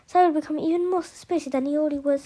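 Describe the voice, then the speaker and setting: A woman's voice: sits high, steady tone, very fast, mellow. A woman reading a novel aloud, often stumbling and restarting words as she reads. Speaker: reader of an audiobook.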